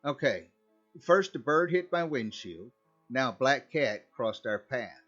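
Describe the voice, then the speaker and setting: A man narrates a first-person horror story in a conversational, wry way, at an ordinary pitch for a man. The recording is a little dull and muffled. Faint background music runs under his voice. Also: sing-song, a little slow, a bit bright.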